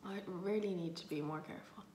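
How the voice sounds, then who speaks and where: A woman's voice: on the low side, brisk, darkish tone, recorded from a distance, a little hiss or hum. A young woman with a light Dublin Irish accent talks casually and rambles while she cooks, swearing freely and poking fun at herself. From Ireland, Dublin. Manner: chatty, rambling, self-mocking, swears freely. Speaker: vlogger. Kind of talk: casual chatty vlog while cooking. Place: home kitchen, indoors. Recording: echoey kitchen, voice a little off-mic.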